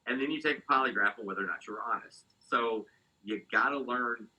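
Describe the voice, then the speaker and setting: Husky, fired-up man telling his story. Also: medium pitch, fairly quick, rough recording. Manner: animated storytelling, gets fired up. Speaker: interview guest. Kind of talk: candid personal account.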